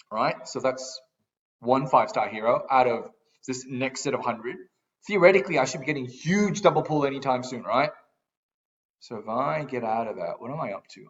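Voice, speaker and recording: A man's voice: medium pitch, a bit bright, muffled recording. A man giving casual commentary on a mobile game, ranting and swearing in exasperation as he talks. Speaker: gaming YouTuber.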